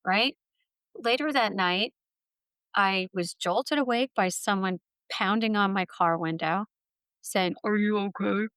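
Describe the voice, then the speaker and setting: A middle-aged woman speaking as an interview guest, retelling her own story in an earnest, heartfelt manner. Her voice is smooth and resonant. The sound is close and dry. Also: medium pitch, takes it slowly, a bit bright, no room sound. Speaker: guest author.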